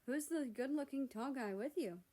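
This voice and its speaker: A woman's voice: high voice, moderate pace, dark tone, voice pushed up. A woman voicing a friendly young male restaurant owner with an Italian accent, speaking in a storybook reading.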